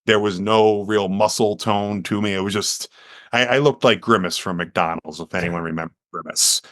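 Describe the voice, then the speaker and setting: With a voice on the low side at normal speed, a US podcast guest animatedly acts out quotes while earnestly sharing his story. It's a dry, studio-quality recording.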